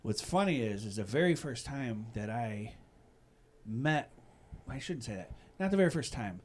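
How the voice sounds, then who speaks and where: A middle-aged podcast host with a Chicago accent chats casually, spinning long, rambling stories and checking in with "you know what I mean." His medium-pitched voice is sing-song and darkish, at a moderate pace.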